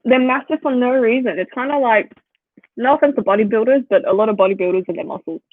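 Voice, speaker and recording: A woman's voice: a little high, fast talker. A young Australian woman in her twenties, chatting casually to viewers and telling stories, with lots of "like" fillers. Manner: chatty, fillers of "like", animated storytelling. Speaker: vlogger. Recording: tinny phone-like sound, dry.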